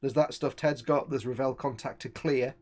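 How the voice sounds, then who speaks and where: A man's voice: mid-range voice, fairly even intonation, normal speed, darkish tone. A man hosting a casual live-stream chat, explaining things at length and joking around. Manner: chatty, explains at length, jokes. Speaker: host.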